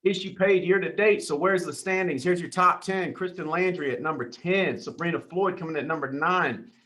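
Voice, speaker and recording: A man hosting a weekly team sales call, reading out leaderboards with hyped shout-outs, calling people dude and brother. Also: a little high. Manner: hyped, calls everyone dude and brother, quick asides.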